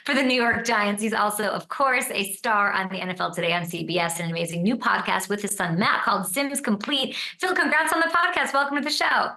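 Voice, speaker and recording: A woman's voice: medium pitch, fairly quick, hardly any pauses, sharp tone, roomy sound. A woman hosting a sports talk show, interviewing a guest in an upbeat, teasing way.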